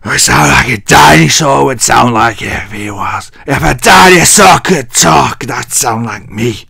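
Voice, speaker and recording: A man with a deep voice, rambling jokily through a casual wrestling recap with self-mocking asides. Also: lively intonation, a little slow, creaky, few pauses, sharp tone, slightly rough, no room sound, clean studio sound. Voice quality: deep, masculine. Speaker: wrestling vlogger.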